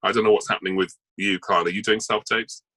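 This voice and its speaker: A man's voice: fairly low pitch, fairly even intonation, fast, sharp tone, no echo, rough recording. A man, an actor and voice artist, chatting as an interview guest and rambling through his news with many asides. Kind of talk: casual interview chat.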